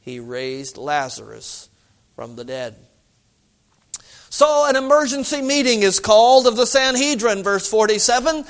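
High-voiced, slow, clear male preacher. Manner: measured, drops to a low hush for emphasis. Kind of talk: expository sermon.

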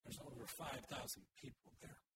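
A man's voice: mid-range voice, fairly even intonation, moderate pace, a bit bright, poor audio. Earnest male preacher over hiss. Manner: earnest, expository. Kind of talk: sermon. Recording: hissy recording.

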